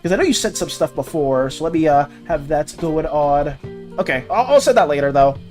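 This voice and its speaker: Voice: medium pitch, lively intonation, a little fast, darkish tone, faint music behind. An art streamer in casual live-stream chat, reading viewers' messages aloud and answering them.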